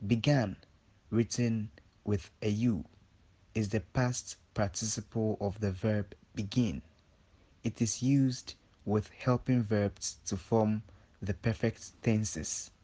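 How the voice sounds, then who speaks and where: Man, low voice, very slow pace, scripted vocabulary lesson, measured reading. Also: fairly even intonation, dark tone. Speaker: English vocabulary teacher.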